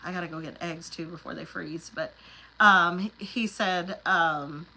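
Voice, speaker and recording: Chatty bright-voiced grandmother. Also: lowish voice, a little slow, rough recording. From Oklahoma Panhandle. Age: middle-aged. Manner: chatty, laughs often, rambling asides. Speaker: livestream host. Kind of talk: casual live chat reading viewer comments.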